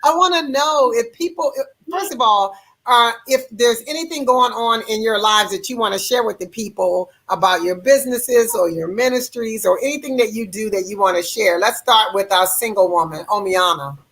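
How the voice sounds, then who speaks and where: A woman hosting a podcast, talking in an expressive way and laughing easily. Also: fairly high pitch, normal speed. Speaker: podcast host. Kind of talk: casual chat.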